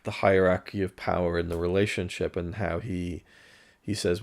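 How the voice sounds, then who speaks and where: A man talks through a film review in a loose, musing way, candid enough to swear now and then. His voice sits very low, with a gravelly fry at the bottom of it. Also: level tone, moderate pace. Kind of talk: casual spoken film review.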